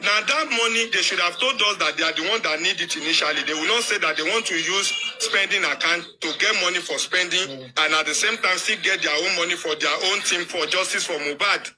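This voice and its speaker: Nigerian man, fairly high voice, defiant live commentator. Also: brisk, hardly any pauses, a crowd in the background. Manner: heated, defiant, mocking. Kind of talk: live online rant.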